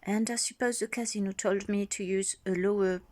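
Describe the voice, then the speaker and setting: A woman recording herself, musing aloud about her own voice in a reflective, halting way, dropping into whispers now and then. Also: mid-range voice, fairly even intonation, a little mellow. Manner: musing, thinking aloud with pauses. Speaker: vlogger.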